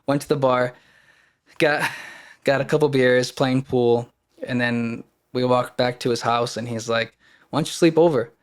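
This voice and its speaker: Male podcast guest, mid-pitched, earnest and emotional as he tells his story. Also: completely flat delivery, unhurried, clear, resonant tone. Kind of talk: casual storytelling.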